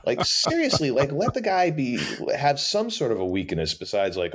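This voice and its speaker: A man co-hosting a podcast, chatting casually about books in an animated, joking, exasperated way. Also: mid-range voice, normal speed, few pauses. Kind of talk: casual book discussion.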